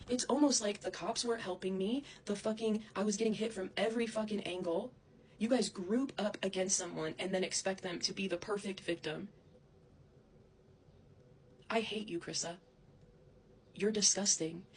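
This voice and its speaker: A woman's voice: medium pitch, slight background noise. A woman delivering a heated, profane, accusatory vlog rant, speaking straight at the person she blames. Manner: heated, profane, accusatory, addresses someone directly. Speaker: vlogger. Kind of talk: angry direct-to-camera rant.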